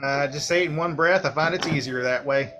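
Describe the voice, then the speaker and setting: Man putting on a boastful redneck dragonborn guy, higher voice, loud, rambling drawl, cussing. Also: drawn-out words. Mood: folksy ranting. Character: plain commoner male dragonborn, folksy and boastful.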